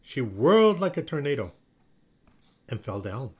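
Slow, expressive man reading a storybook. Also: medium pitch, slightly rough. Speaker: storybook reader. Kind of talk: reading a children's book aloud.

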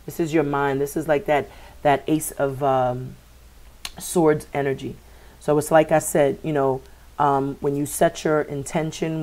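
A woman's voice: sits low, a little mellow. A woman doing a spiritual tarot reading for her viewers, talking in a meandering way with many fillers and repeated words. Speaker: tarot reader.

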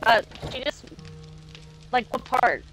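Young woman streamer, bright voice, rambling anecdote style, game music faintly behind. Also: on the high side, expressive, slow pace, low-quality recording. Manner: chatty storytelling, lots of fillers. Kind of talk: casual chat while gaming.

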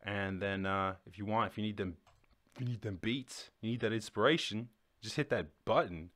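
A man's voice: on the low side, normal speed, fairly bright tone. Swearing, rambling podcast host man. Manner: swears constantly, rambling with restarts. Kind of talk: casual ranting podcast talk.

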